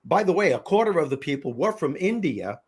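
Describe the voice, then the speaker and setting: A middle-aged man with a New York accent hosting a casual panel chat, telling animated stories in bursts with many restarts. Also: a little high, fairly quick, breathy edge. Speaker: host.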